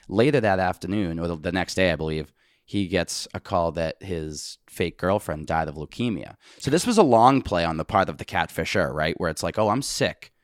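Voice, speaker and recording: A man's voice: deep voice, no room sound, studio quality. A man co-hosting a podcast, telling stories in a wry, joking way. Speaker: podcast co-host. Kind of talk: casual chat.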